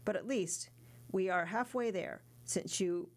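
A woman's voice: mid-range voice, measured pace, close to an everyday voice. A woman reading the part of a kindly middle-aged male ship owner in an audiobook, in a fatherly, encouraging manner.

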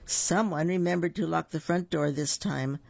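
A man's voice: fairly high pitch, normal speed, creaky, a little mellow, dry recording, lo-fi sound. A man reading a story aloud, voicing a fussy little pig who mutters and grumbles. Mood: grumbling.

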